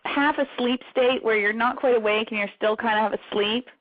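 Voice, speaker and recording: A woman guest on a radio interview, talking in an animated way with laughter breaking into her sentences. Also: fairly high pitch, moderate pace. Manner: animated, laughs mid-sentence, trails off in restarts. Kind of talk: casual radio interview chat. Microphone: phone. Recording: tinny phone line.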